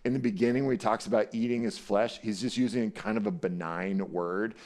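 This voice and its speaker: A middle-aged man preaching a conversational sermon as pastor, playful and animated, often checking in with "right?" and acting out scripture quotes. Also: on the low side, brisk. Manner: acts out scripture quotes dramatically.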